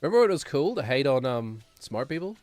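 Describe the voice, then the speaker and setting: A man's voice: medium pitch, sing-song, fast, a little mellow, dry recording, soft background music. A man streaming a game, rambling and sarcastic, chuckling as he talks. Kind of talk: casual gameplay commentary.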